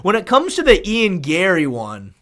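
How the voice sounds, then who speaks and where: A man's voice: high voice, huge pitch swings, normal speed, a bit bright. A man chatting casually on a live stream, rambling, swearing freely and thanking viewers.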